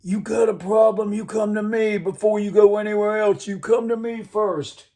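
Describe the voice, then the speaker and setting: Man putting on a high, pushy mafia boss. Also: level tone, normal speed, warm tone, close to an everyday voice. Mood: menacing boss. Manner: mock-Mafia boss impression, domineering. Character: hard commander posing as a male mafia boss.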